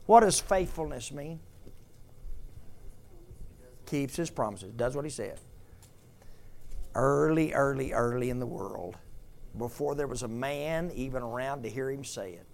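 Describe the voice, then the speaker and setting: On the high side and a little mellow with some vocal fry, an older pastor's voice is animated and measured in pace. He preaches by drawing the congregation into repetitive, emphatic call-and-response.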